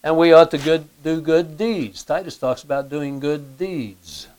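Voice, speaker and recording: A man delivers a sermon in an easygoing, conversational manner, pausing on fillers and clearing his throat. His voice sits a little high for a man and sounds smooth and clear. He keeps asking his listeners questions. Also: darkish tone. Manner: asks the listeners rhetorical questions. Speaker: pastor.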